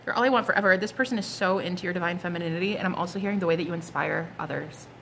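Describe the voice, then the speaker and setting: A woman's voice: on the low side, very fast, vocal fry, fairly bright tone, slight background noise. A woman giving a casual, gushing tarot reading, full of slang and asides. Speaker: tarot card reader.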